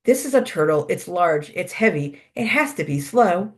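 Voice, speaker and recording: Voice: medium pitch, expressive, normal speed, close to an everyday voice. A storyteller voicing an earnest young warrior. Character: confident young male great warrior.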